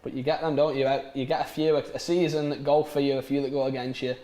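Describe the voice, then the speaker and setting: A man's voice: mid-range voice, flat delivery, quick pace, warm tone. A young man chatting through a live football match, laughing easily and often marvelling at the play. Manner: chatty, says wow a lot, laughs easily. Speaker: football fan co-host. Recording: echoey room, audible background noise.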